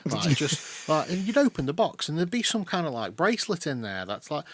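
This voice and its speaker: A man's voice: on the high side, fairly quick. A man telling a funny story on a casual podcast, sweary and laughing often, acting out other people's lines. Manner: animated, sweary, laughs often, acts out voices in anecdotes. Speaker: podcast co-host.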